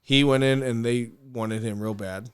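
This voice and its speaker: Man, podcast guest, casual storyteller, animated and profane, mid-pitched. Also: moderate pace, smooth. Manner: animated, laughs often, swears freely, restarts sentences.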